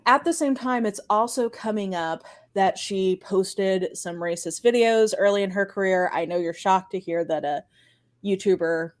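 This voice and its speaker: A woman co-hosting a podcast, recounting a story in a quick, chatty way with lots of filler words. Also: medium pitch. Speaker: podcast co-host. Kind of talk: casual storytelling chat.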